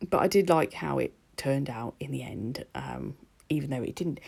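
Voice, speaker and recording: Gravelly woman chatting casually. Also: rumbling low, expressive, moderate pace, a little mellow. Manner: chatty and rambling, with laughs and ums. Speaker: nail art vlogger. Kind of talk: casual voice-over narration. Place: at home.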